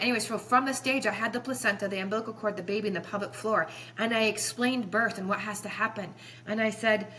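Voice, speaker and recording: A woman's voice: medium pitch, bright, forceful tone. A woman in her forties, a chiropractor guest on a podcast, telling stories in an earnest, passionate, rambling way. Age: 40s. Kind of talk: emotional podcast storytelling.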